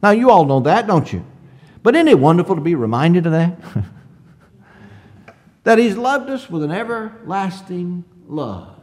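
Very animated, with a high voice and a darkish tone, this preacher delivers a conversational sermon. He throws rhetorical questions at the congregation and reads scripture at a slow pace.

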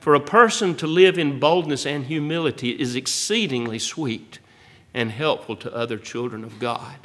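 A man's voice: mid-range voice, moderate pace, fairly bright tone. A man preaching a sermon as pastor. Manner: folksy preaching, rising to bold emphasis.

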